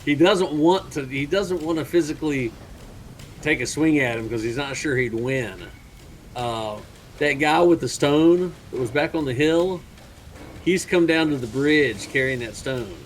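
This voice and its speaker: A man narrating as game master, relaxed and halting, with fillers. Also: a little high, rough recording. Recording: faint background noise.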